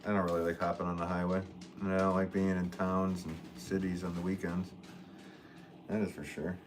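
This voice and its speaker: A man, a potter, chatting casually on a livestream and reading out viewer comments, relaxed and joking, with frequent chuckles. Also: low-pitched, a little fast, over music. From northwest Connecticut. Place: pottery studio.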